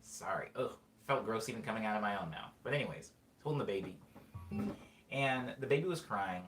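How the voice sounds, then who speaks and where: This podcast host has a lowish, somewhat bright voice with lively intonation, talking a little fast over soft background music. His casual solo talk rambles, leans heavily on fillers and keeps restarting and correcting itself, recorded in an echoey room with faint ambience.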